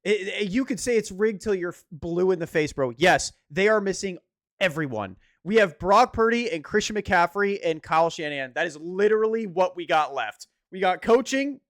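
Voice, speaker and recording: A young man co-hosting a casual sports podcast, animated and swearing, sometimes rising to near shouts when worked up. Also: sits high, moderate pace, no room sound, clean studio sound. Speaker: podcast co-host.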